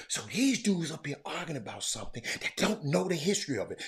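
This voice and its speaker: A man hosting a casual sports commentary talk, telling a story animatedly and getting loud when he quotes others. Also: medium pitch, big pitch swings, normal speed, hardly any pauses, husky. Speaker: podcast host.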